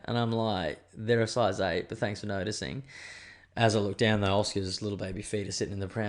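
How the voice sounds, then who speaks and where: A man's voice: lowish voice, steady tone, brisk. A young man hosting a solo podcast, chatting casually and swearing as he rambles through stories. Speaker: podcast host.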